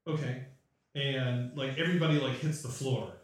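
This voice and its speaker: A man narrating as game master in a tabletop game, casual and halting, with many fillers. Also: mid-range voice, fairly even intonation. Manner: loose, many fillers and hesitations. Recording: very echoey room, mic far off.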